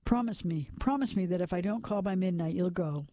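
A man's voice: sits high, a little fast, dark tone, no echo, studio quality, natural voice. A man voicing an anxious guilty husband speaking urgently in a storybook reading. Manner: urgent, pleading. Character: anxious guilty man, fleeing killer, tense.

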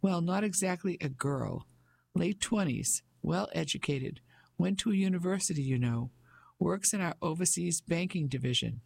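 A man's voice: fairly high pitch, expressive, moderate pace, vocal fry, darkish tone, no room sound. A man voicing a pompous fifty-five-year-old businessman in an audiobook, speaking in a blustering, patronizing way. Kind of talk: audiobook character voice.

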